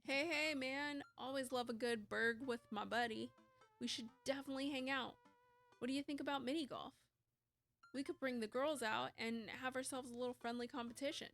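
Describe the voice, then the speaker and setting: A woman's voice: high voice, fairly even intonation, normal speed, a bit bright, soft background music. A woman doing a chummy bro dad. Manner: breezy, chummy, upbeat. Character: friendly laid-back bro dad, adult man.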